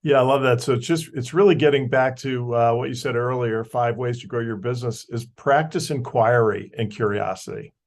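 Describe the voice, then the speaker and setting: A man's voice: mid-range voice, brisk, few pauses. A man hosting an interview, reflectively summing up his guest's points before asking the next question. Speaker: host. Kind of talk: conversational interview.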